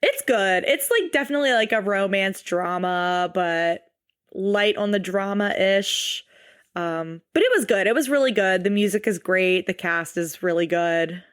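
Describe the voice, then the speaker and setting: Woman, podcast co-host, playful and emphatic banter, medium pitch, dry close-mic sound. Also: clean tone, dry recording. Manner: playful, emphatic, quick to laugh. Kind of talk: casual podcast chat.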